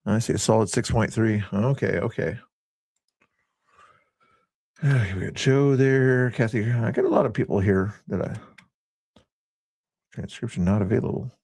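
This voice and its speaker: A man's voice: fairly low pitch, a little slow, pauses often, a little mellow, slightly rough, dry recording. A man hosting a casual livestream, chatting in a rambling way and reading viewers' comments aloud. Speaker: livestream host.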